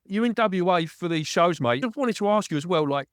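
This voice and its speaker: A chatty male radio host with an East London accent and a smooth, resonant voice. He asks questions in an easy, friendly manner. The recording is dry and close. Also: high-pitched, lively intonation, fairly quick, no room sound. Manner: chatty, says mate often. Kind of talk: radio interview.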